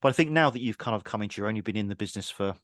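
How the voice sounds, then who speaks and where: Low-voiced male podcast host. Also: very fast, no echo, studio quality. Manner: warm backchannel, frequent "mm" and "yeah", hesitant restarts. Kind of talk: casual interview chat.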